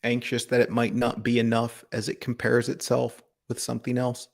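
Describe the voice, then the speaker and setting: A man giving a calm, reflective spiritual talk on a live broadcast, asking gentle rhetorical questions. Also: mid-range voice, normal speed, vocal fry. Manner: calm, contemplative, asks rhetorical questions, laughs softly.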